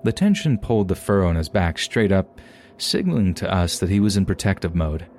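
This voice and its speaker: A man narrating submitted true scary stories in a calm, measured storytelling manner. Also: low voice, slight background noise. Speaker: podcast narrator.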